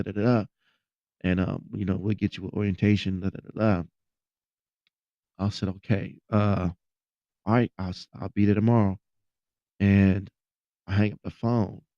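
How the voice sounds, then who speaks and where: A man's voice: fairly low pitch, darkish tone, dry recording, dull audio. A man hosting a podcast, sharing a personal testimony in an earnest, repetitive storytelling manner. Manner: earnest storytelling, repeats phrases. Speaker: podcast host.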